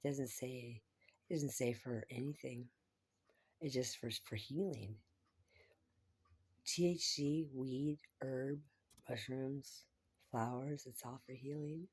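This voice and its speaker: A woman's voice: rumbling low, slow pace, pauses often, a little mellow, husky. A woman vlogging in a rambling, profane monologue, often dropping to a whisper.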